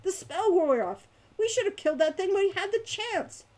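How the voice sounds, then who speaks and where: A man's voice: very high-pitched, animated, normal speed, a little mellow, pitched above the performer's own voice. A woman reading aloud and voicing a brash, impatient young man who talks bluntly and irritably. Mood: irritated.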